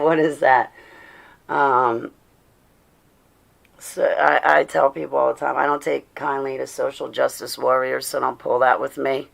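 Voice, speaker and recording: With a rumbling low voice and vocal fry, a tired woman hosts a casual livestream where she preaches, reads the chat aloud, and laughs often with her viewers.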